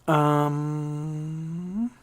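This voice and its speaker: Recovering from an illness, this livestream host has a slightly scratchy throat and a fairly high-pitched male voice. His delivery is flat, with drawn-out words, as he rambles, cracks jokes, and reads out questions from viewers.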